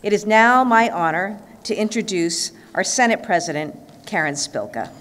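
A woman governor giving a measured, formal speech at a press conference. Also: medium pitch, lively intonation, background noise. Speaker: state governor. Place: government press event room. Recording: reverberant hall.

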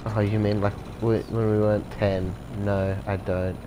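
A man's voice: fairly low pitch, level tone, measured pace, noisy background, natural voice. A man voicing a curt, bitter young female crocodile in a video game, scolding in a dry tone.

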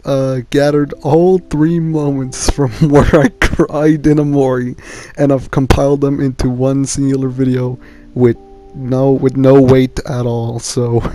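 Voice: medium pitch, mellow. A game streamer giving casual let's-play commentary, emotional and laughing often between words. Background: game music.

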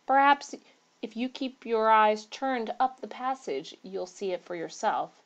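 A man's voice: high voice, lively intonation, measured pace, fairly bright tone, exaggerated voice. A woman voicing a solemn, deferential male waiter.

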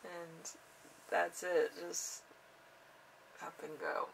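A young woman giving a casual tarot reading in an unhurried, rambling way with drawn-out fillers. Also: lowish voice, flat delivery, vocal fry, far from the mic, slight background noise, rough recording. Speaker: tarot reader.

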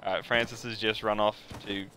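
A man streaming a game live on a headset, chatting casually in an excitable, joking, self-deprecating way. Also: fairly low pitch, a little fast, soft background music.

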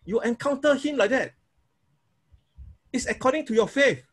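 A man's voice: very high voice, normal speed. A man teaching a sermon on prayer, repeating himself and acting out prayers in an informal way. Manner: repetitive, informal, demonstrates prayers aloud. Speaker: preacher.

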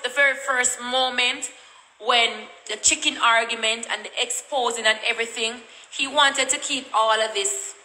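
Jamaican woman ranting, bright voice. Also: a little high, roomy sound, slight background noise, poor audio. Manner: blunt, repetitive, cussing. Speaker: vlogger. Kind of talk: casual storytime rant.

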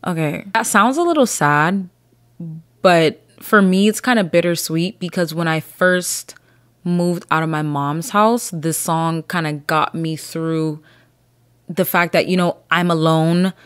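A woman's voice: fairly low pitch, measured pace, clean tone, no room sound, studio quality. Blunt, foul-mouthed young woman podcaster. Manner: blunt, profane, rambling. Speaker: podcast host. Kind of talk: casual solo podcast chat.

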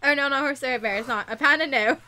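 High-pitched giggly young woman streamer. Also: animated, a little fast, pushed and bright. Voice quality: stuffy nose. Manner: giggly, dramatic outbursts while playing. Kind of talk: casual gaming stream chat.

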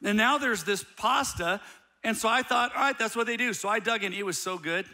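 A middle-aged man preaching a sermon as a pastor, telling a story with animated humor. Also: high-pitched, a little fast.

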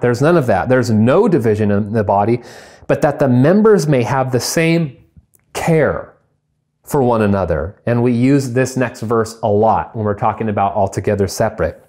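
Guy preaching a sunday sermon, lively and chatty, mid pitch, does little joke voices. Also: normal speed. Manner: animated preaching, acts out comic voices. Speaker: pastor.

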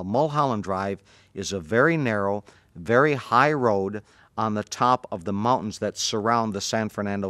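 Male martial arts teacher, lively anecdote teller, dry close recording. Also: on the low side, no room sound. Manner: animated, acts out the voices in his story. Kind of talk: anecdotal storytelling.

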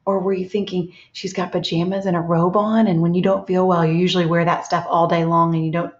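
Woman teacher, low-pitched, gentle read-aloud for young children, echoey room, lo-fi sound. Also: little pitch movement. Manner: slow, gentle, asks children questions and pauses.

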